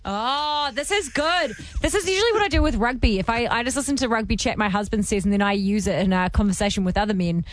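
A woman's voice: on the high side, quick pace, hardly any pauses, dry recording. A chatty woman with a New Zealand accent hosting a radio show. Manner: chatty, laughing. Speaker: radio host. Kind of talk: breakfast radio banter.

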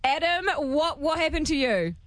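A woman's voice: high voice, very animated, moderate pace, no echo. Chatty New radio woman. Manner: laughs often, reads listener texts aloud. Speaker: radio show co-host. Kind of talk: casual radio banter.

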